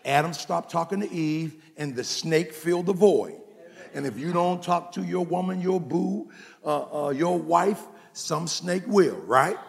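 A male pastor delivers a sermon with a folksy, joking storytelling manner, teasing his congregation. His voice is gravelly with some fry and sits fairly high. The sound rings with the long reverb of a big church hall. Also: measured pace. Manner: folksy preacher, playful storytelling, calls out to the congregation.

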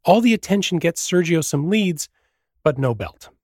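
A man's voice: on the high side, lively intonation, darkish tone, no echo, clean studio sound. Man narrating a feature story. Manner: measured storytelling. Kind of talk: scripted narration.

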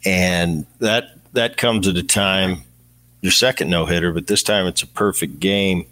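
Low, bright-voiced podcast host. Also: male voice, a little slow. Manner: long leading questions that recite stats. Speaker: podcast host, former baseball player. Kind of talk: interview questions.

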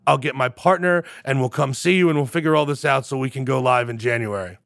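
A man's voice: medium pitch, quick pace, gravelly, no room sound, studio quality. A man, a startup founder, telling his story in a casual interview with stumbling restarts and acted-out quotes. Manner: animated, acts out quoted voices, stumbling restarts.

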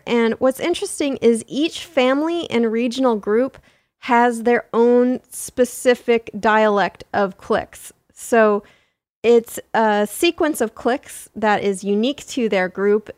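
A woman co-hosting a casual educational podcast, chatty and quick to laugh as she explains. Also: fairly high pitch, darkish tone, no room sound. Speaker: podcast co-host.

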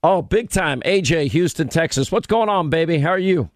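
A man's voice: a little high, lively intonation, moderate pace, dry recording. A male radio host bantering with his staff and callers in a brash, joking, teasing way into a studio mic. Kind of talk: casual talk radio banter.

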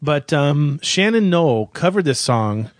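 A man's voice: on the high side, very animated, slow pace, no echo. A man co-hosting a comedic music countdown, tossing out dry, sarcastic one-liners. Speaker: co-host.

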